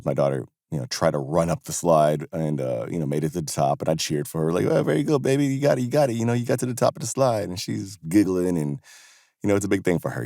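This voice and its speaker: Deep-voiced man rambling casually. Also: a little mellow, dry recording, clean studio sound. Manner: rambling, heavy with "you know" and "man". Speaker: podcast host. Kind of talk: casual monologue.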